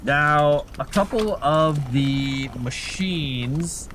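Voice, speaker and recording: A man's voice: a little high, very slow, a bit bright. A man giving goofy, casual commentary while he streams a game. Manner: goofy, chatty. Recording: noisy background.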